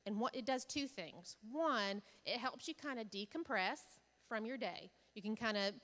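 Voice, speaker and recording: A woman's voice: mid-range voice, a bit bright. A woman giving a conference keynote, telling candid, funny stories and asking the audience questions. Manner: candid, humorous storytelling with audience asides. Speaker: keynote speaker. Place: large conference hall. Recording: hall reverb from a stage.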